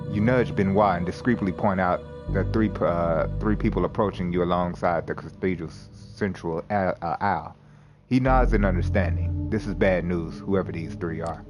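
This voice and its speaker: A young man with a very low voice reads a vampire story game aloud, stopping to chat about his choices in a casual, unpolished way. Music plays clearly underneath him throughout. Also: normal speed. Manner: casual, with restarts and asides. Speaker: streamer playing a narrative game. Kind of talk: reading game text aloud with commentary.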